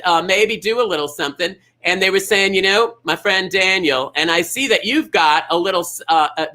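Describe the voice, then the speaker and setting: A man's voice: high-pitched, pushed and bright, low-quality recording. A man hosting a live bingo show in a sassy, teasing, exaggerated way.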